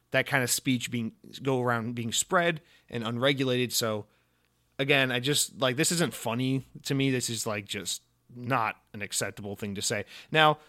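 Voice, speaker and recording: A man's voice: mid-range voice, a bit bright. A young adult man hosting a solo podcast, ranting in a mock-serious, rambling way with lots of fillers and restarts. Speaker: podcast host.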